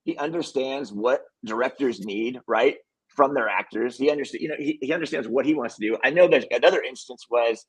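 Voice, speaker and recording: A man in a casual interview, acting out other people's lines as he tells stories from film sets. His voice has a slight husky edge. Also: medium pitch, a little fast, low-quality recording. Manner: animated storyteller acting out quotes. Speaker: film director guest.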